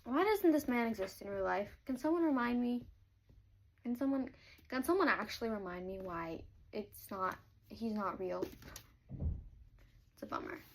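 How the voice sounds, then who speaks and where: A woman's voice: on the high side, expressive, normal speed, pauses often, a little hiss or hum. A woman chatting casually as she reads a novel aloud, gushing and full of fillers. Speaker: book reader reacting to a novel. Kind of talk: casual chat mixed with reading aloud.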